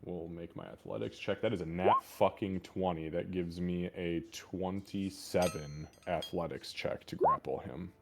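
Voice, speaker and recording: A man's voice: deep voice, a little slow, creaky, hardly any pauses, heavy background noise. A man playing a tabletop game, talking casually, explaining his moves with frequent swearing. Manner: crude, swears often, animated.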